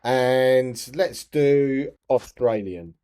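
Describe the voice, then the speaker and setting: A man's voice: mid-range voice, extremely slow, warm tone, clean tone. Chatty man narrating a screen tutorial. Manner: chatty, step-by-step, frequent restarts. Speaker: tutorial presenter for teachers.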